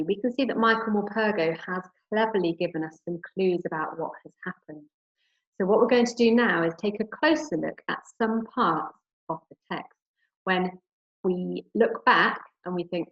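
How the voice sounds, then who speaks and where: A teacher with an English accent reads a story aloud to her class, then talks it through in a gentle, encouraging way. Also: medium pitch. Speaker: primary school teacher. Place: home room. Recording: roomy, dull home recording.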